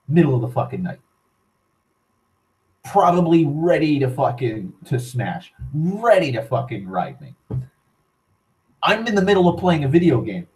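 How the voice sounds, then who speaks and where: On a low-quality recording, a young male channel host with a somewhat high, slightly mellow voice spins a long, meandering story. His delivery is casual and profane, packed with "like" and frequent restarts.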